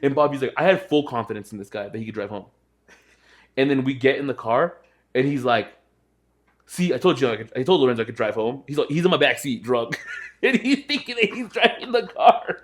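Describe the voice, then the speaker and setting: A man's voice: mid-range voice, a little fast. A young man co-hosting a podcast, telling a story in casual chat and acting out his friends' voices. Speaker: podcast co-host.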